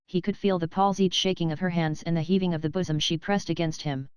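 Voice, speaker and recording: Clear-voiced woman narrating an audiobook. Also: on the low side, fairly even intonation, fast, no room sound, rough recording. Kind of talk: scripted narration of a classic novel.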